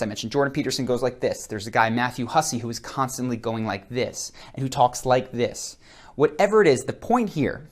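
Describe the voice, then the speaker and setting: An energetic male coach teaching straight to camera, his voice in a middle range. He demonstrates as he talks and shifts his tone and rhythm to make each point. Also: medium pitch. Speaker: charisma and body-language coach. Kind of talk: on-camera instructional talk. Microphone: close camera framing, seated.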